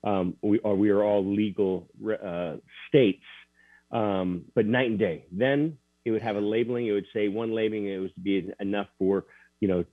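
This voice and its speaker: A man recounting a personal story as an interview guest, earnest and halting, with many restarts. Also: fairly low pitch, steady tone, dry recording. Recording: tinny dry phone line.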